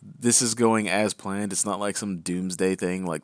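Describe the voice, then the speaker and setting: Deep-voiced man reading crypto headlines. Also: steady tone, moderate pace, no room sound, clean studio sound. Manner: reads headlines, then explains loosely with "right?" asides. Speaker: podcast co-host. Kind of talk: casual news read and chat.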